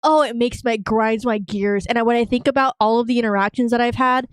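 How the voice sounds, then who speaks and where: A woman's voice: fairly high pitch, fairly even intonation, fairly quick, smooth, no room sound. A woman co-hosting a podcast in casual chat, ranting heatedly and swearing a lot. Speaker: podcast co-host.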